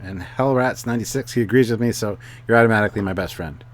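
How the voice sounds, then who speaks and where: A man's voice: fairly low pitch, quick pace. A man co-hosting a livestream, reading out viewer messages and chatting casually with a dry, wry manner. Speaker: co-host reading viewer comments.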